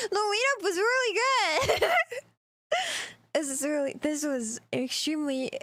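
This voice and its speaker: A woman's voice: high voice, big pitch swings, measured pace, fairly bright tone, no room sound. A woman streamer giggling through a casual reaction stream, sounding out place names as she goes. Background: background music.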